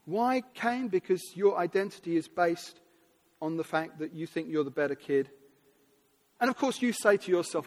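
A man preaching a sermon from England, emphatic and animated, with sudden drops and rises in his delivery, in a large church hall. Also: high voice, moderate pace. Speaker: pastor. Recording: long hall reverb.

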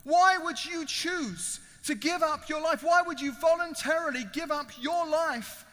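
A man's voice: very high-pitched, a little slow, pushed and bright, voice pushed up, full character voice. A man voicing an astonished freed male prisoner who pleads to know why, heard in a reverberant hall. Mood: pleading. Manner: pleading, incredulous.

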